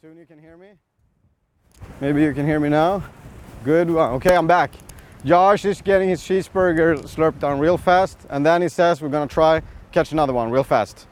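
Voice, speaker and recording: A Swedish man with a slightly high voice at normal speed hosts a casual live fishing stream from a boat out at sea. He chats with viewers and asks his guest questions.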